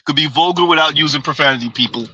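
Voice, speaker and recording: A man's voice: fairly high pitch, fast, pushed and bright, slightly rough, no room sound, muffled recording. A man hosting a blunt, mocking commentary show while riding in a car, often laughing. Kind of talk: casual live commentary. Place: in a car, in transit.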